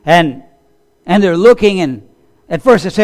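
A man's voice: high voice, expressive, measured pace, pauses often, a little mellow. A man preaching a sermon as a pastor. He tells Bible stories in a conversational way, asks the listeners questions and acts out the voices he quotes.

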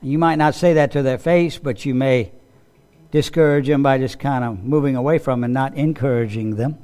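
Lively, slightly high-voiced male pastor preaching. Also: fairly quick. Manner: animated storytelling that acts out quoted voices; conversational, asks the listeners questions. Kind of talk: sermon.

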